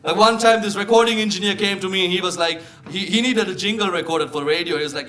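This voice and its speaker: A young man with a Sri Lankan accent performing live stand-up comedy, telling animated stories and punching up the lines loudly. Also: sits high, quick pace, hardly any pauses. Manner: animated storytelling, shifting into loud exclaiming punchlines. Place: comedy club stage with live audience. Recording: live show with crowd laughter. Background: audience laughing.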